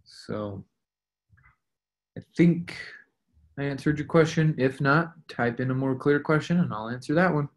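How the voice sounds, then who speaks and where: Casting: man, coaching voice for a team call, mid pitch, chatty, plays out example dialogues. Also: a little slow, long pauses. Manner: conversational, acts out sample dialogues. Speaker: real estate investing coach.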